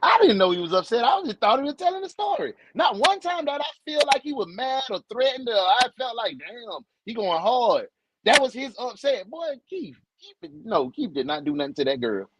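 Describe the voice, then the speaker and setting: A man giving loud, slangy, excitable reaction commentary, swearing freely. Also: extremely high pitch, brisk, few pauses, no echo, low-quality recording. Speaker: reaction host.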